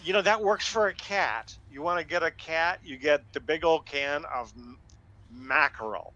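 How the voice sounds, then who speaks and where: A man's voice: fairly high pitch, normal speed, sharp tone, lo-fi sound. A man co-hosting a podcast, telling an anecdote in a blunt, profane, casual way. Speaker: podcast co-host. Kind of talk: casual storytelling. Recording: dry close sound.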